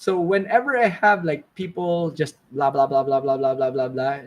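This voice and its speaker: Man, high-pitched, casual rambling storyteller, swears a lot. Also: fairly even intonation, normal speed, highs cut off. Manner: rambling, swearing, many fillers. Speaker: fishing channel host.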